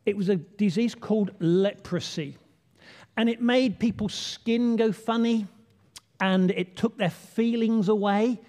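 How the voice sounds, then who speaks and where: A man's voice: high-pitched, warm tone. A man, playful and chatty as he draws the congregation in. His voice rings out with a long reverb from a large church hall. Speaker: church leader. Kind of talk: all-age children's talk.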